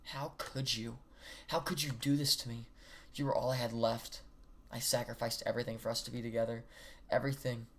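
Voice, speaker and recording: A man reading aloud the lines of a sweet, obsessive teenage girl from a video game, in a soft, doting and pleading manner. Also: mid-range voice, little pitch movement, brisk, natural voice. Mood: heartbroken.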